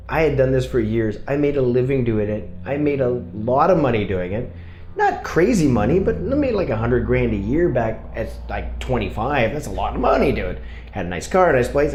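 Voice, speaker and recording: A man's voice: on the low side, darkish tone. A man, an actor, telling candid stories about his career, swearing and laughing at himself. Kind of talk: casual storytelling. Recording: roomy echo.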